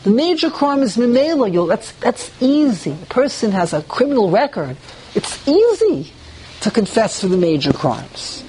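Animated man teaching a Torah class. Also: sits high, normal speed, slight background noise. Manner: reads Hebrew verses aloud, then translates and explains them; animated, with rhetorical questions and mock dialogue.

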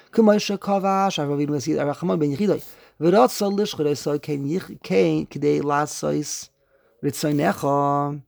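Gravelly emphatic male rabbi. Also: on the high side. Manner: emphatic, chants quoted scripture slowly; animated questioning delivery. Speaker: rabbi teaching a class. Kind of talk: religious study lecture.

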